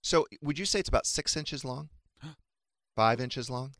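A man hosting a casual morning talk show, asking guests questions in a wry, deadpan way. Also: mid-range voice, a little slow, no room sound, studio quality. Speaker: radio show host.

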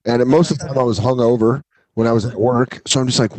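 Profane, animated storytelling man. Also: mid-range voice, fast, no echo. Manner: profane, animated, acts out the people in his stories. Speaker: podcast co-host, comedian. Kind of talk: casual podcast storytelling.

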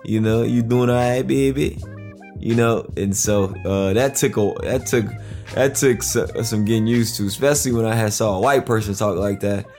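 A football player telling stories in a relaxed, amused way during a casual interview. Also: male voice, on the low side, normal speed, soft background music. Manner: easygoing, storytelling, amused.

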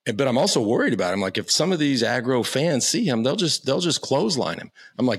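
A man's voice: medium pitch, big pitch swings, quick pace, breathy edge. A man in his fifties telling stories as a podcast guest, casual and profane, with lots of stammering restarts. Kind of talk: casual storytelling.

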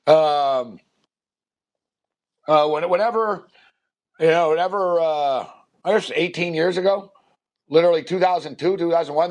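Rambling, chatty man telling a story. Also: a little high. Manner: rambling, filler-heavy, animated impressions in quotes. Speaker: radio show host. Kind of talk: casual storytelling chat.

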